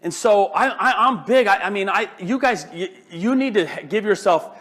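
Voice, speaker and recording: Older male motivational speaker, high-pitched, animated and joking, with frequent restarts. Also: normal speed. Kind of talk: live motivational talk.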